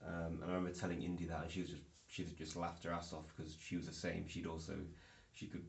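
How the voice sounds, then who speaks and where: A man's voice: deep voice, monotone, fast, vocal fry. A young man rambling through a casual vlog, full of ums and restarts, recorded indoors. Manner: rambling, filler-heavy storytelling. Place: indoor room. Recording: echoey room.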